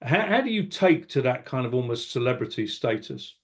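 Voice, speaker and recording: A man, interviewing a guest and asking halting, rambling questions full of restarts. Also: mid-range voice, big pitch swings. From South London. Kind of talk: casual interview talk.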